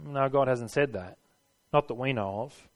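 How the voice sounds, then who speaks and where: A man's voice: mid-range voice, moderate pace. A man preaching a sermon, stressing his points and putting rhetorical questions to his listeners.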